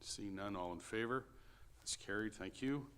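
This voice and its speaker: A man chairing a city planning committee meeting, reading motions and calling votes in a brisk procedural way. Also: lowish voice, fairly bright tone, clean tone.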